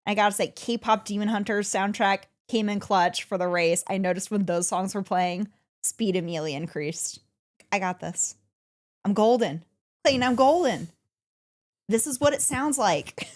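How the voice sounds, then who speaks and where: A woman co-hosting a casual podcast, telling a story with excitement and laughing often. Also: medium pitch, moderate pace. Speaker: podcast co-host.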